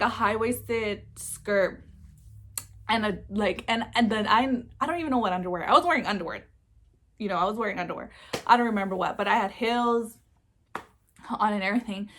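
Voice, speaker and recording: A young woman with a fairly high, slightly bright voice tells a personal story in a casual storytime vlog. She's chatty, swears freely, and fills her speech with "like" and other filler words.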